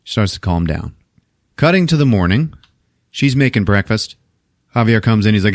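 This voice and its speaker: Speaking fast in a lowish register, the male podcast host runs through a movie plot, peppering it with profanity and laughs while imitating what the characters say. The audio is clean studio quality with no echo.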